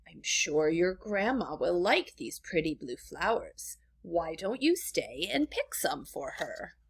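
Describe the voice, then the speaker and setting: A woman voicing a sly male big bad wolf in a storybook reading, in a low coaxing voice. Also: very animated, slow pace, vocal fry, husky, exaggerated voice.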